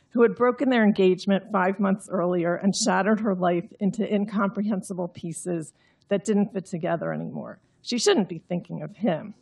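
A woman's voice: medium pitch, gravelly, breathy edge. A woman reading her own novel aloud in an understated, droll way, then explaining the story. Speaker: author.

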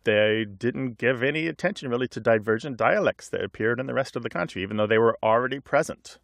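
A man's voice: medium pitch, fast, gravelly, a bit bright, no echo, clean studio sound. A middle-aged man co-hosting a language call-in radio show, explaining in a chatty way with asides. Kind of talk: casual radio chat and explanation.

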